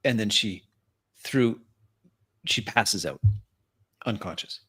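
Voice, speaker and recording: Male game master narrating a tabletop game, unhurried and halting, bright voice. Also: lowish voice, lively intonation, slightly rough. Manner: halting descriptive narration with fillers. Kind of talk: narrating a tabletop role-play.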